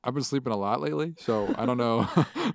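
Young man, podcast host, casual teasing chat, laughs a lot, mid pitch, dry close recording. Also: fast, creaky, no room sound. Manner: laughs often, playful and teasing, lots of fillers.

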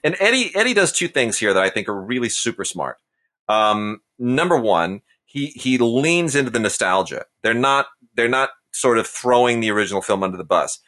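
A man's voice: medium pitch, sing-song, moderate pace, a bit bright. A man in his forties co-hosting a casual movie review chat, emphatic and jokey with his opinions. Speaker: co-host.

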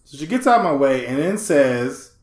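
A man with a slightly high voice speaks at a normal pace while co-hosting a casual comedy podcast. He's an animated storyteller who acts out what people said, swearing and laughing often. The room has a noticeable echo.

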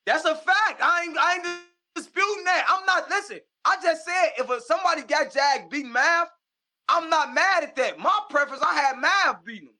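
Brief: argumentative male co-host, high and bright in tone. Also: lively intonation, moderate pace. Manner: argumentative, laid-back slang. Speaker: podcast co-host. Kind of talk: casual battle rap chat.

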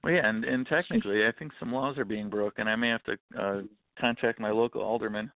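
A man's voice: fairly low pitch, quick pace, no room sound. A man in his thirties, a guest author, talks in a jokey, rambling way during an interview. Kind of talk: interview over the phone. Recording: tinny phone line.

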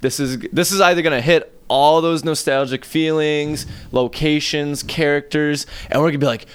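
A man's voice: on the high side, moderate pace, clean tone. A young man co-hosting a casual podcast, telling stories bluntly and swearing freely. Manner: blunt, profane, animated storyteller. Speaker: podcast co-host. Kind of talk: casual chat.

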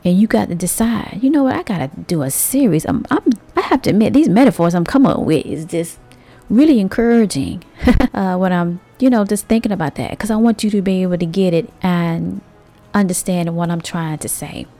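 A woman hosting a motivational monologue, talking conversationally to her listeners with drawn-out emphasis and rhetorical asides. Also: fairly low pitch, warm tone, faint music behind. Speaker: host.

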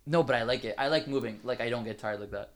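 A man's voice: mid-range voice, fast. A teenage man on a casual podcast, telling a long story in a rambling way with lots of filler words. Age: teens. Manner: rambling, many fillers and restarts.

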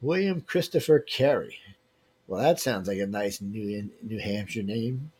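A man's voice: lowish voice, expressive, a little slow, a little mellow, husky. Joking, teasing male livestream host. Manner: joking, teasing, loose with slang. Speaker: livestream host running a giveaway. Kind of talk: casual live chat reading viewer emails.

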